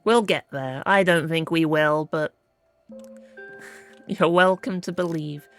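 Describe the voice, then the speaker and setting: A woman with a low-sitting voice talks slowly while streaming a game, keeping up a playful, chatty, self-mocking commentary. Faint music plays behind her.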